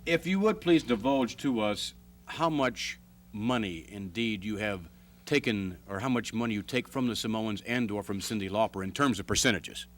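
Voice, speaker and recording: A man's voice: fairly low pitch, moderate pace, slight background noise. A man hosting a talk show, asking questions in a formal, wordy way.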